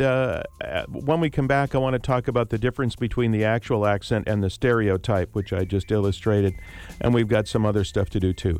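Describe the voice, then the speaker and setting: A man hosting a radio talk show in a relaxed, conversational way with frequent fillers, on a studio mic. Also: mid-range voice, no room sound. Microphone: studio microphone.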